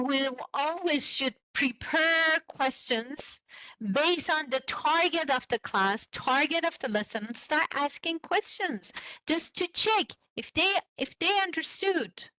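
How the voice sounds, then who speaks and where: A woman leads an online training session for language teachers, talking slowly and stopping to ask her class questions. Her voice is bright and a little high. The sound is dry and close. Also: lively intonation, no echo, low-quality recording. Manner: slow, explanatory, asks the class questions.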